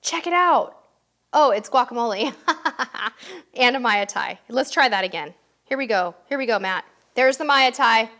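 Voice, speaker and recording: A woman's voice: fairly high pitch, animated, a little slow, pushed and bright. A woman hosting a casual live stream, upbeat and chatty, reading out viewers' questions and answering them. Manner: chatty, upbeat, reads comments aloud.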